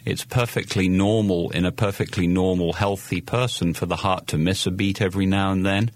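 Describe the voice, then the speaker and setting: Middle-aged British man, very low voice, measured expert guest, dry close mic. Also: steady tone, no echo. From Britain. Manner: measured, explanatory, repeats words when starting. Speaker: guest cardiologist. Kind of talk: radio interview.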